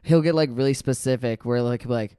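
A man's voice: medium pitch, fast talker, dark tone, clear, resonant tone, no room sound, studio quality. A young man in casual podcast chat, laid-back and slangy, laughing often.

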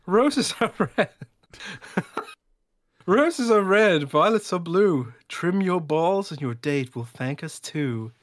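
A man's voice: high voice, animated, slow, no room sound, studio quality. A man putting on a fancy, upper-class, sexy accent while reading a sponsor message. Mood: playful. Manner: playful, breaking into laughs.

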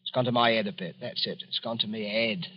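A man's voice: on the low side, steady tone, fast, soft background music, natural voice. A man playing a meek, polite middle-aged lodger who hesitates and stumbles with fillers, in a vintage radio drama. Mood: timid. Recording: dull lo-fi old radio recording.

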